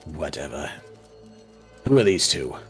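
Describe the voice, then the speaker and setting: A man's voice: very deep voice, sing-song, a little slow, breathy edge, faint music behind, pitched below the performer's own voice, full character voice. A man voicing a curt, menacing male gnome with a cold, dismissive way of talking in a tabletop game.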